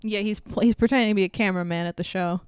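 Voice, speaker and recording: A woman with a strikingly clear, smooth voice talks through a film's plot in casual podcast chat. She is animated, swears freely and slips into the characters' lines as she goes. The sound is close and dry. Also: medium pitch, very fast, no room sound. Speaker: podcast co-host. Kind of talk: casual movie recap chat.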